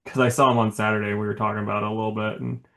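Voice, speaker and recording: A man's voice: fairly low pitch, little pitch movement, racing, a bit bright. A man co-hosting a podcast in casual chat, rambling with lots of fillers and laughing often. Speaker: podcast co-host.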